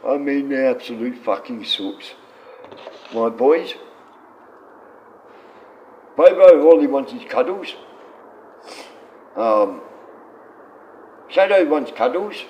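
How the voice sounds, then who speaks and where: A man's voice: mid-range voice, very animated, slow pace, pauses often, highs cut off, a little hiss or hum. A man chatting casually on a livestream, rambling and swearing freely.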